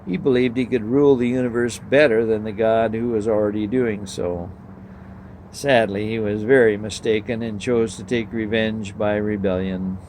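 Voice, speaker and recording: A man reading a story aloud and then preaching a sermon, measured, asking the listeners questions. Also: lowish voice, fairly even intonation, a little mellow, slight background noise, rough recording.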